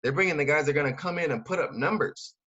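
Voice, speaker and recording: A man's voice: a little high, rapid-fire, bright, forceful tone. A man coaching his audience in a casual, slangy way, full of fillers and asking "right?" again and again. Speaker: network marketing recruiter. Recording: dull lo-fi sound.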